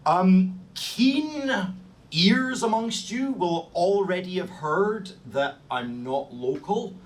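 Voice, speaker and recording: A man's voice: high-pitched, animated, slow. Scottish man lecturing on history. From Scotland. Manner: self-deprecating, frequent ums and restarts. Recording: distant mic in a room with faint noise.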